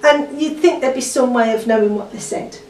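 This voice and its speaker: A Yorkshire-born book reviewer chats casually and rambles, dropping plenty of ums and small laughs. She speaks briskly in a slightly high voice with a darkish tone. The sound is echoey and distant from the mic, with a little faint noise.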